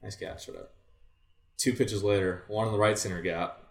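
Low-voiced young man telling stories. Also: a little fast, echoey room. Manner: rambling, animated retelling with quoted dialogue. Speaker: guest, former baseball player. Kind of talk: casual storytelling.

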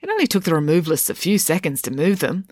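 A cool, scheming schoolgirl voiced by the narrator, unruffled and smug, delivering even threats sweetly. The reading is dry and close, with a lively, varied lilt. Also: medium pitch, quick pace, no room sound. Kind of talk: audiobook character voice.

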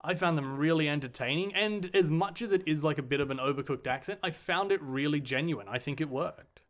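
A man's voice: fairly high pitch, fairly quick, a bit bright. An Australian man co-hosting a casual film review chat, enthusiastic and thinking aloud. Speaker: podcast co-host.

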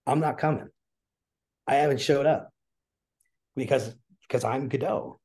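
A man's voice: medium pitch, a little slow, vocal fry, darkish tone, slightly rough. A man guest on a podcast, talking earnestly and emotionally about theater, getting choked up as he tells a story. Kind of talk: conversational interview.

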